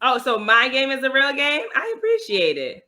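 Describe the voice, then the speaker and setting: A woman with a New York accent co-hosts a loose, friendly game night chat. Her voice is bright and forward, and she rambles with animated energy, laughing as she goes. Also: sits high, moderate pace. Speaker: co-host. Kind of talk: casual chat on a video call.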